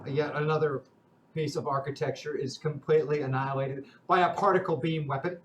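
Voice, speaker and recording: A man as game master, narrating a tabletop game in a measured, descriptive way. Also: fairly high pitch, fairly even intonation. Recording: roomy with faint noise.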